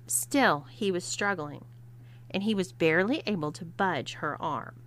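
A woman narrating a story, reading expressively and at a measured pace. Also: lowish voice, a bit bright, slight background noise.

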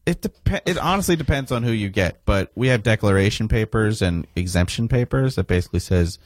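Low voice musician dude, relaxed, swears a bit, dry studio mic. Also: male voice, brisk, dry recording. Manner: relaxed, candid storyteller, swears casually. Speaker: touring musician guest. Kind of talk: casual radio interview. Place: radio studio.

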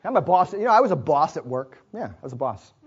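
Brief: male preacher, high voice, storytelling sermon with chuckles and asides, dull lo-fi sound. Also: sing-song, fast talker, breathy edge. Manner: chuckles often, conversational asides. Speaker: pastor. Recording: dull lo-fi recording.

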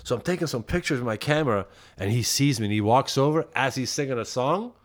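A man from Belgium, a musician guest on a podcast, telling stories in an animated, profane, casual way. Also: mid-range voice, quick pace. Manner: animated, profane, heated when retelling. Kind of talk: casual storytelling chat.

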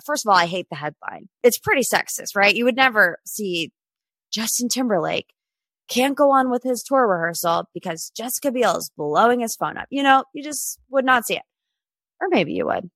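A woman's voice: fairly high pitch, normal speed, dry recording. Chatty young woman podcast host. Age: 20s. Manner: chatty, opinionated, animated. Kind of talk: casual pop culture chat.

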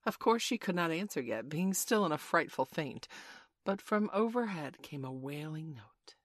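A woman with a low voice narrates a classic storybook in a measured, gently expressive reading. Her voice is dry and close to the mic, with no room sound. She lets the sentences unfold at an even storyteller's pace. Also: no echo. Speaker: audiobook narrator.

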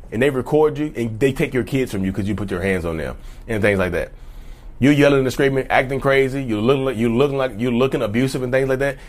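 A man talking casually and repetitively to viewers in an advice vlog, addressing them as y'all. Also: medium pitch. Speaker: channel host.

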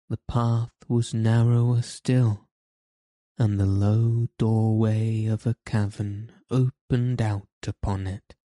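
A man reading a storybook aloud in a steady, measured narration. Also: on the low side, dry recording.

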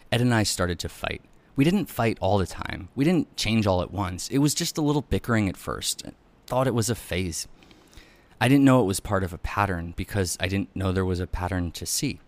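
Guy with a really low voice reading a memoir aloud, steady and measured. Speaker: audiobook narrator. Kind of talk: first-person memoir reading.

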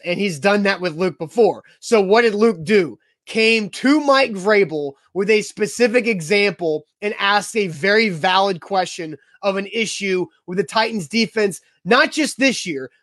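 A man's voice: sits high, fairly bright tone, no echo, clean studio sound. A man co-hosting a sports talk show, building his argument step by step. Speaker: podcast co-host.

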